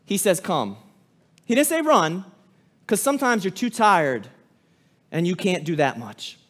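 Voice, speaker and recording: A man with a high voice preaches a sermon as a pastor. He pleads and drives his points home loudly, then sinks to a hush for the solemn moments. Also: sing-song, measured pace. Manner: impassioned preaching with sudden drops to a hush.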